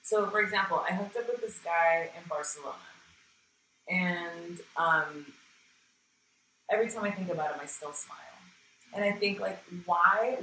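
A woman's voice: lowish voice, a bit bright. A woman talking frankly and casually in a conversation, swearing freely and often acting out what she said. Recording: roomy sound from some distance with faint noise.

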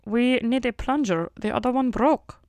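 A croaky, nasal office receptionist with a froggy, puppet-like voice, done by a woman retelling the scene. The pitch is pushed up and the tone is pleading. The sound is dry. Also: normal speed, a little mellow, dry recording, close to an everyday voice. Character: dental receptionist who sounds like a frog puppet.

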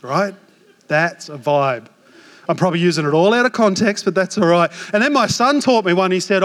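An Australian man in his forties, a pastor preaching a sermon with animated, self-mocking stories. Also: high voice, fairly quick. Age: 40s. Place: church hall. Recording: long hall reverb.

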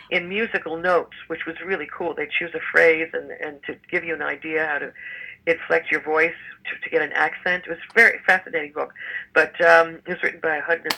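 An older stage actress, a guest in a casual interview chat, rambles with frequent fillers and restarts. She has a deep, husky voice with vocal fry and a sharp tone, and the audio is poor.

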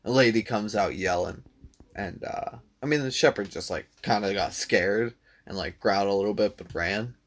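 A man's voice: on the low side, moderate pace. A man casually telling a long story to a friend, laid-back, swearing freely and filling his talk with "dude" and "like".

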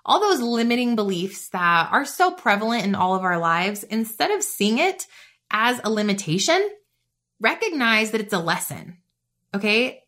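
Bubbly, bright-voiced woman host. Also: a little high. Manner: bubbly, chatty, peppered with "like". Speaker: podcast host. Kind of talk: faith-based motivational podcast talk.

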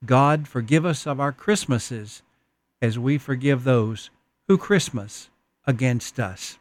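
A man's voice: medium pitch, lively intonation, slow pace, no room sound. A man voicing a lonely little girl. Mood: earnest. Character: lonely four-year-old girl wanting to play.

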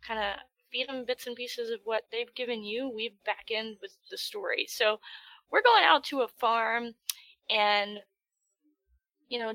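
Bright, lively woman telling stories. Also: a little high, no room sound, low-quality recording. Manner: animated storyteller, laughs often. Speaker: guest, organized-play event organizer. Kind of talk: casual podcast interview. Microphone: podcast microphone.

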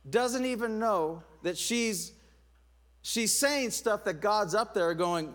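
High-voiced animated male pastor. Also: a little slow. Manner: animated storytelling with asides and laughs. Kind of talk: sermon.

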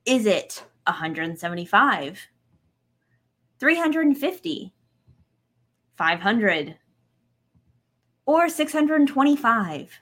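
Woman co-host with a slightly high voice, reading quiz questions slowly. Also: sing-song, a bit bright. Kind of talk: casual quiz chat.

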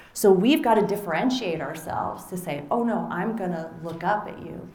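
A middle-aged woman author giving a conversational talk to an audience, animated and acting out little quoted exchanges. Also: on the low side. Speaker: author and speaker. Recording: roomy echo.

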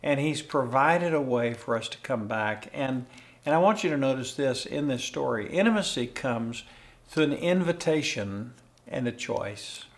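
A man's voice: mid-range voice, expressive, a little slow. An older man hosting a faith podcast, teaching in a conversational, earnest way and chuckling often. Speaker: podcast host and pastor.

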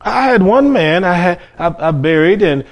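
Man, middle-aged pastor, folksy sermon, slightly high voice, emphatic bursts and soft drop-offs. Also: expressive, moderate pace.

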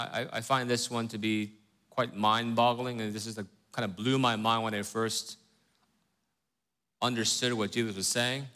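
A man's voice: medium pitch, fairly bright tone. A man teaching a Bible study who keeps asking his listeners questions and checking in with "right?", earnest and emphatic. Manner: earnest, reads scripture slowly with rising emphasis.

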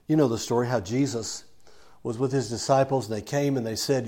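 A man's voice: medium pitch, fairly even intonation, a little fast, warm tone. A man preaching a sermon, telling a Bible story and acting out the quoted lines as he goes.

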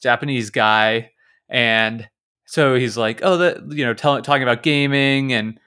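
A man's voice: medium pitch, fairly even intonation, measured pace, sharp tone, smooth. Chatty young man telling stories. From Kansas, United States. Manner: chatty storyteller, lots of fillers and restarts. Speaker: podcast co-host. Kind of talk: casual podcast chat.

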